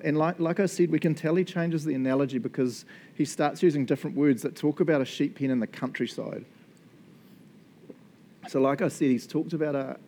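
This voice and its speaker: Mellow-voiced New pastor preaching. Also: male voice, mid-range voice, a little hiss or hum. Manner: earnest and enthusiastic, laughs often. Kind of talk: sermon with spoken prayer.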